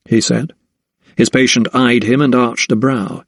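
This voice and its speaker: Man narrating a historical mystery audiobook, steady, dry close studio sound. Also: mid-range voice, a little slow, creaky, dry recording. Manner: steady, even storytelling. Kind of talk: scripted narration.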